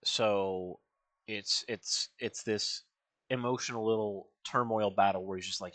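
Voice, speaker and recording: A man streaming a reaction, rambling and excitable, full of fillers and restarts. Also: on the low side, a little slow. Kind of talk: casual reaction commentary.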